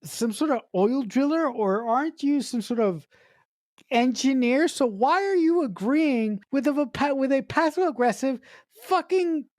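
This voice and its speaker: A woman's voice: sits high, expressive, a little slow, a little mellow, no room sound. Woman podcast co-host, emphatic ranter who swears for punch, dry close sound. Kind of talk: casual film review chat.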